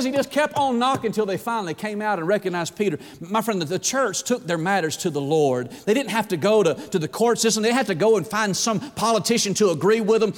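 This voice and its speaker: Brief: pastor, man, animated pulpit delivery, high voice, long church-hall reverb. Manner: animated preaching, dramatizing quoted prayers. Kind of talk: sermon.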